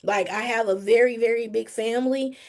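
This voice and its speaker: A woman's voice: on the high side, fairly even intonation, a little fast, darkish tone. A woman giving an earnest, emphatic testimony on a group call, talking straight to her listeners. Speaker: team member giving a testimony. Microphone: phone or video call.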